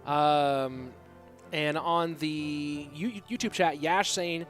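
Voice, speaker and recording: A man casting a live esports match on his own, answering chat between excited play calls. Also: fairly high pitch, extremely slow. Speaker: esports caster. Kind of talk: solo live esports commentary with chat reading. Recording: loud music behind voice.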